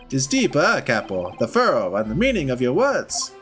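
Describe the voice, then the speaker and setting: A man voicing an excitable young Italian nobleman sidekick with a put-on Italian accent. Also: medium pitch, normal speed, faint music behind. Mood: flamboyant. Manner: flamboyant, exuberant.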